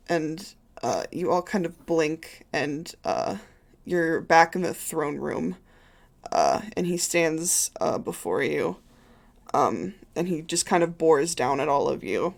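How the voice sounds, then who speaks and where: A game master runs a tabletop game with slow, unhurried narration. The voice is gravelly and the delivery relaxed, full of ums and uhs. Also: mid-range voice. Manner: relaxed, filler-heavy narration.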